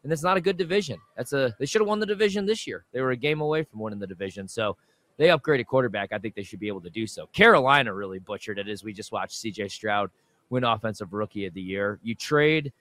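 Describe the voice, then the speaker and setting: A man's voice: on the low side, lively intonation, quick pace, fairly bright tone. A man co-hosting sports talk radio in a loose, casual way, hedging with "I mean" and "man".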